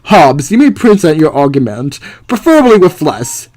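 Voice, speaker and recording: A man's voice: a little high, big pitch swings, normal speed, darkish tone. A man doing an earnest, incredulous young hero. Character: eager young male philosopher hero, indignant and earnest.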